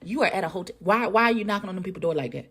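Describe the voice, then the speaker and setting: A woman, commenting loudly and profanely as she reacts to a reality show. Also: medium pitch, rapid-fire, breathy edge. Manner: loud, profane, animated, talks back at the screen. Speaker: reaction video host.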